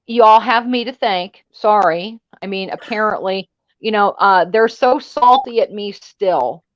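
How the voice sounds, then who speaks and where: A bossy, blunt woman chatting on a livestream panel and name-calling freely. Her voice sits at a middle pitch and comes through dull and lo-fi. The sound is dry, with no room around it. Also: measured pace, dry recording. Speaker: panel co-host. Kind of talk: casual livestream chat.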